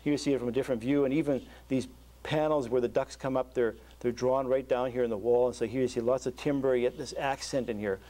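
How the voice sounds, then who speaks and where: A man, a structural engineer, giving a university lecture over slides, talking in a halting way with many fillers and restarts. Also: mid-range voice, fairly even intonation, mellow. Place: lecture hall.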